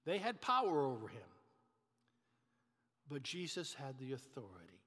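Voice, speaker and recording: A male pastor preaching a sermon in a church, telling a story in a measured manner with some restarts. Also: medium pitch, sing-song, sharp tone, husky. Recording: reverberant church hall.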